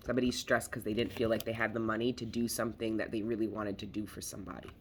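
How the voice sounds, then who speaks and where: A man's voice: on the low side, level tone, fast, a little hiss or hum. A man giving a casual tarot reading, talking in a rambling, emphatic way, swearing freely and repeating himself. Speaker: tarot reader.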